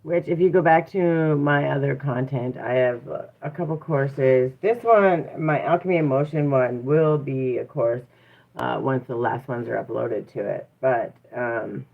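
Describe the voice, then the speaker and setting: Relaxed live-stream host, woman, low voice, chatty and laughing, thin phone-quality audio. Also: measured pace, gravelly. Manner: chatty, laughs often, talks to viewers and her daughter. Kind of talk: casual live chat.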